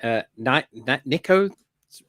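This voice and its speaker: During a relaxed fan review chat, a male podcast co-host rambles excitedly, laughing often and leaning on fillers. He speaks unhurriedly at medium pitch with lively intonation and a somewhat bright tone, recorded in studio quality with no room sound.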